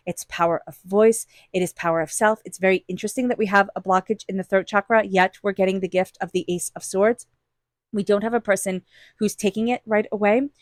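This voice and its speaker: Woman, tarot reader, earnest, encouraging, mid-pitched voice, dry close sound. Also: no echo. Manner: earnest, encouraging, speaks directly to listener. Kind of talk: intuitive tarot reading.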